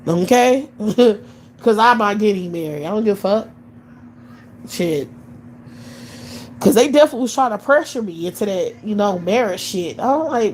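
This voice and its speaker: A woman's voice: medium pitch, lively intonation, moderate pace, pauses often, a little mellow, slight background noise, low-quality recording. A woman in her late thirties ranting bluntly on a live stream, scornful and swearing constantly. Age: 30s. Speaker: livestream host. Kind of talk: profane live-stream rant.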